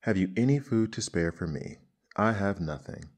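A man's voice: on the low side, very animated, a little slow, darkish tone, husky, pitched above the performer's own voice, exaggerated voice. A man playing a begging hungry grasshopper. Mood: pleading. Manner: begging, tearful. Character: hungry pleading male grasshopper. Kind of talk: storybook reading.

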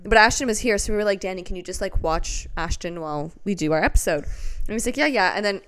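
A woman's voice: mid-range voice, quick pace, a bit bright, smooth. A young woman co-hosting a podcast in casual chat, laughing along and agreeing often. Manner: chatty, laughing, frequent agreement. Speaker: podcast co-host.

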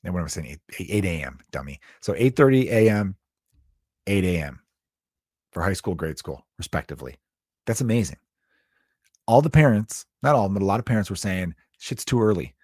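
A man hosting a casual solo talk show, ranting and swearing freely, his voice jumping up high when he is incredulous. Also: normal speed, long pauses, husky, no echo, clean studio sound. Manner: animated, swears often, pitch jumps up in disbelief.

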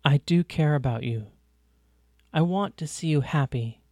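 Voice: mid-range voice, a little slow, warm tone, dry recording, studio quality, close to an everyday voice. A reader voicing Odysseus, a friendly, earnest man, in an audiobook. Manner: earnest, puzzled questions. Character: friendly careful man, a guest at breakfast. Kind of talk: audiobook reading.

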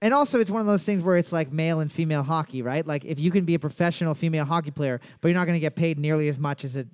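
High-voiced jokey quiz host man. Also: rapid-fire, clean tone. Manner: jokey, reads questions twice, loud calls. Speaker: trivia game host. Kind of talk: casual podcast banter.

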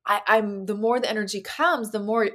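A woman's voice: mid-range voice, fairly even intonation, moderate pace, pushed and bright. A woman guest on a podcast telling a personal story vividly, acting out the voices she quotes. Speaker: podcast guest, actor and activist.

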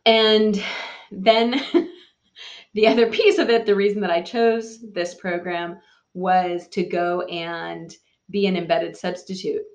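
A woman's voice: on the low side, steady tone, slow, lo-fi sound. A middle-aged woman from the San Francisco Bay Area, a podcast guest telling her story in a candid, wry way with frequent laughs. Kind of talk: casual interview storytelling.

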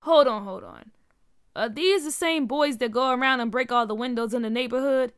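Woman putting on calm stern father, storybook figure, measured delivery, dry close sound. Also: a little high, clear, resonant tone, no echo, close to an everyday voice. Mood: urgent.

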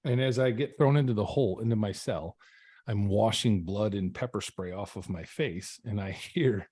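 A man's voice: on the low side, normal speed, mellow, husky, dry recording, studio quality. A man, a podcast guest, telling a personal story in an interview, earnest and often restarting his sentences. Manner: earnest, frequent false starts and repeats.

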